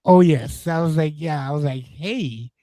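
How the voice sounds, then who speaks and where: A man's voice: a little high, measured pace, dark tone, no echo, rough recording. A man in his forties from East Los Angeles, telling stories in casual streamer chat, rambling and swearing, with many restarts.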